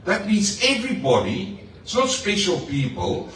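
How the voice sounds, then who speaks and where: Brief: male pastor mid-sermon, animated and chatty, heard from a distance in a roomy church hall with faint room noise. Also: high voice, normal speed, hardly any pauses. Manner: lively preaching with playful asides to the congregation. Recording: echoey hall, mic far off.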